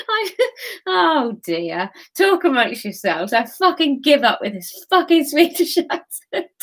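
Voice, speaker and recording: A woman's voice: high-pitched, big pitch swings, slow pace, a bit bright. Giggly woman reading aloud. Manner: giggly, self-mocking asides. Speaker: author reading her book aloud. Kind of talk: casual read-aloud livestream.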